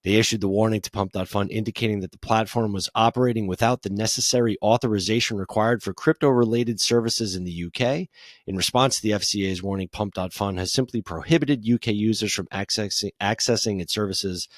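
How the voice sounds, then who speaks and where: A man's voice: lowish voice, no echo. A man co-hosting a podcast who reads out news items and then discusses them casually. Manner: brisk news-read turning into casual banter. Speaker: podcast co-host.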